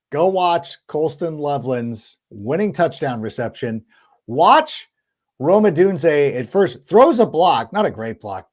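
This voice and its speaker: An animated man hosts a casual sports podcast, speaking quickly. His voice sits a little high, and he often slips into acted-out quotes. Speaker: podcast host.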